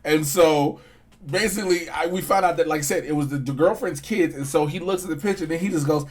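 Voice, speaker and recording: A man's voice: a little high, fast. A man co-hosting a casual review chat, chiming in and finishing his partner's lines. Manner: chimes in, finishes the other host's lines. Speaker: podcast co-host.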